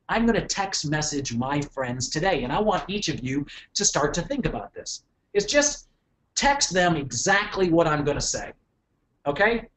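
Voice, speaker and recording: A middle-aged man giving a motivational business talk to an audience, animated, often repeating words and checking in with the room. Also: high voice. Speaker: keynote speaker.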